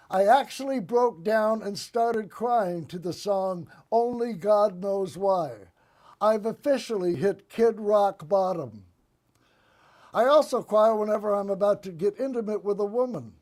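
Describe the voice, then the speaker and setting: A man hosting a political comedy show, delivering one-liners and sarcastic commentary in a deadpan monologue. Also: high voice, a little slow. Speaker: host.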